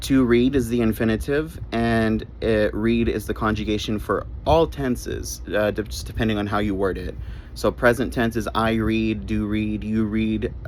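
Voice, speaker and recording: A man's voice: lowish voice, a little mellow, a little hiss or hum, rough recording. A man giving short English grammar lessons, spelling words out letter by letter and repeating his key points. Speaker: English teacher.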